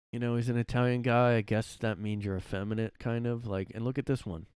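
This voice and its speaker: A man rambles through a casual solo podcast from a room at home, full of fillers, restarts, self-corrections, and frequent laughs. His medium-pitched voice is darkish and clean, with fairly even intonation at a moderate pace, in a dry, studio-quality recording.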